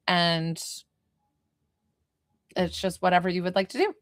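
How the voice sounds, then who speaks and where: A woman who works as a medium, chatting casually on a livestream and answering her viewers' questions in a lively way. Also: fairly low pitch, a little slow, dry recording, studio quality. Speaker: medium doing live readings.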